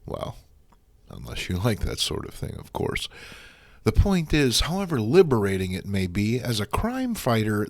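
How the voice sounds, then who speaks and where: A man narrates reviews of old comic books with wry, sarcastic asides. His voice sits on the low side but swings widely in pitch. The recording is close and dry, with no room sound. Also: no room sound. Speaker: host.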